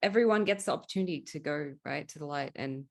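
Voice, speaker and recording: A woman's voice: sits low, quick pace, creaky, dry recording, studio quality. A woman hosting a podcast, speaking in a candid, casual chat and swearing freely. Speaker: podcast host. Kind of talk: casual conversation.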